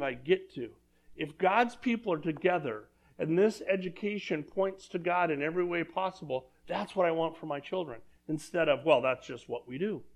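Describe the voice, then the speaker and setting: A man preaching a sermon in a church, talking conversationally and asking the congregation questions. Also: sits high. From Southern California. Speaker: pastor.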